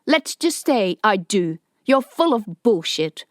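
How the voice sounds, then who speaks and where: A woman's voice: mid-range voice, sing-song, slow pace, no room sound, clean studio sound. Woman reading a terse male guard. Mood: commanding.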